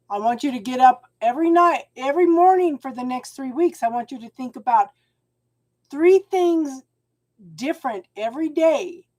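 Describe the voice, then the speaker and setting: A middle-aged woman streaming a live tarot reading, speaking with a mellow, soft-edged voice pitched a bit high. She encourages her viewers gently and keeps calling them hon. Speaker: tarot reader and channel host.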